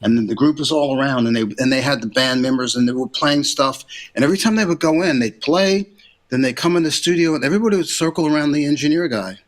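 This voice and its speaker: An older man, an interview guest, telling career stories in a casual, animated way and acting out quotes in a raised voice. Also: a little high, fast. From United States. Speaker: interview guest, recording engineer and producer.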